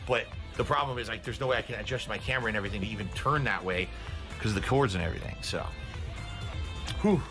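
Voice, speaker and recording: A man's voice: on the low side, quick pace, music in the background. A middle-aged man live streaming, ranting in a profane, combative, indignant way, winded and out of breath. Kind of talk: ranting livestream talk.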